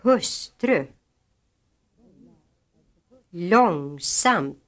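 Very slow woman reading single words. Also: on the low side, lively intonation. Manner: slow, careful, isolated words. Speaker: pronunciation model speaker.

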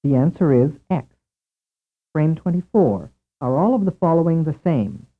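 A man narrating a scripted language lesson in a measured way, asking questions and then giving the answers. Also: on the high side, lively intonation. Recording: tinny lo-fi tape over a narrow band.

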